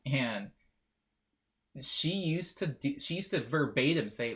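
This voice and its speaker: A man's voice: mid-range voice, lively intonation, takes it slowly, noisy background. A male streamer chatting casually on a live stream, rambling and joking with bursts of mock outrage while reading chat aloud.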